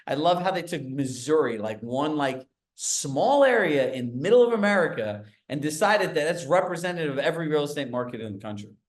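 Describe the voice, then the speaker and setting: Male sales coach, fairly high voice, energetic, quizzes his group on a video call. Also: fairly quick, few pauses. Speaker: real estate sales coach.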